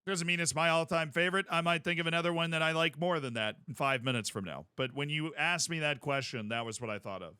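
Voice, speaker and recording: A man streaming a game, chatting casually in a rambling, jokey way with sudden loud outbursts. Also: fairly high pitch, fast, hardly any pauses, clean tone, no room sound, clean studio sound.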